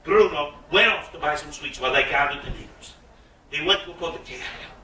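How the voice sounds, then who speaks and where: A man telling a bawdy comic tale to a live audience in a playful, drawn-out way. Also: on the high side, sharp tone, slight background noise. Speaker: storyteller. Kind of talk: live storytelling performance. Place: live concert venue. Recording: roomy echo, mic at a distance.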